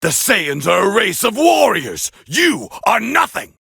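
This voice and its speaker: An actor playing an arrogant, proud alien warrior prince, barking boastful taunts and battle cries in gravelly video game voice clips. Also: male voice, high voice, very animated, a little slow, sharp tone, no room sound, studio quality, heavily acted. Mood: arrogant, furious. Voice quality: gravelly, raspy. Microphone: close studio mic, dry.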